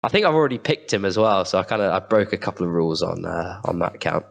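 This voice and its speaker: A man's voice: sits low, quick pace, vocal fry. A man hosting a casual football podcast chat, laid-back and joking, often trailing off mid-sentence. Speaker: podcast host.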